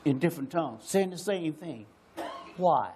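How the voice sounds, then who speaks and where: An American man on an arts panel, talking in a slow and musing way, repeating phrases and pausing often. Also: on the high side, expressive, dark tone, a little hiss or hum. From United States. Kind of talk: slow reflective panel talk.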